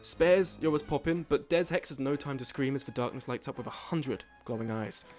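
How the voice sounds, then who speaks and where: A man hosting a live stream, reading out game events in casual commentary, excitable and swearing freely while joking with his chat. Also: mid-range voice, moderate pace, faint music behind. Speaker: streamer host.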